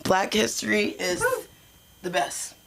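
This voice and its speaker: A woman's voice: mid-range voice, steady tone, takes it slowly, gravelly. A woman comedian doing a crude, blunt stand-up bit, laughing through her lines. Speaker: open mic comedian. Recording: loud noisy live club recording.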